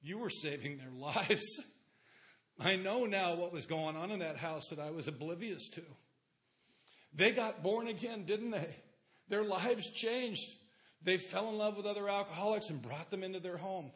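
A middle-aged man telling his life story to a recovery meeting, plain-spoken, with dry dark humor and rhetorical questions to the listeners. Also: sits high, moderate pace.

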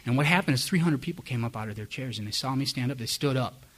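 A man's voice: mid-range voice, lively intonation, quick pace, a bit bright. A middle-aged man candidly telling his own recovery story to a live audience, self-mocking and frank. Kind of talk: personal testimony to a live audience.

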